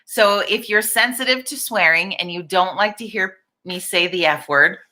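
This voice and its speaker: A woman's voice: mid-range voice, normal speed, bright, forceful tone. A middle-aged woman hosting a casual live-stream chat, talking candidly, swearing freely and greeting viewers by name. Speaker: livestream host.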